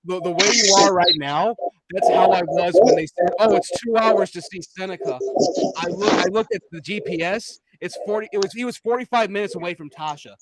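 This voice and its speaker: A man's voice: high-pitched, a little fast, over a noisy crowd. A man on a podcast, chatting casually and sheepishly, laughing often as he tells a story. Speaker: podcast co-host. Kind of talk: casual chat.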